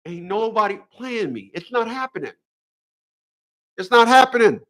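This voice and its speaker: Fifty-something guy ranting on his own live show, emphatic and preachy, says things twice, voice sits a bit high. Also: animated, moderate pace, fairly bright tone. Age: 50s. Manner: emphatic and preachy, repeats phrases. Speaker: host. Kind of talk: casual livestream monologue.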